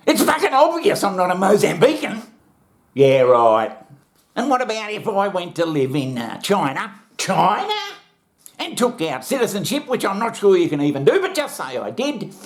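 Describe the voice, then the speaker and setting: A man's voice: high voice, sing-song, normal speed. An Australian man hosting a comedy show, rambling and swearing through a sarcastic rant. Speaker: comedy host. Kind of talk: comic rant.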